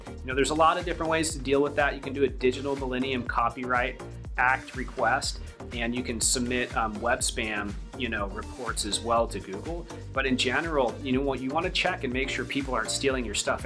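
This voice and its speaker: A man's voice: mid-range voice, pushed and bright. A man talking through a how-to checklist in a tutorial video, casual and conversational, often stressing points as really important. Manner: upbeat sign-off at the end. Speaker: SEO educator.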